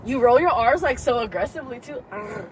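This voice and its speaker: High-voiced woman, playful wrestling chat. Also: animated, fast, a little mellow, a little hiss or hum. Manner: playful, joking banter. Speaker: wrestling review co-host. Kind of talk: casual chat.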